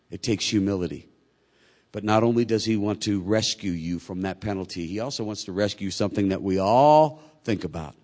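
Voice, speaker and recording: Preaching with a lowish voice, this pastor keeps a conversational delivery that alternates between quiet, slow stretches and louder, faster bursts. Quoted figures come alive through the distinct, lively voices he gives them.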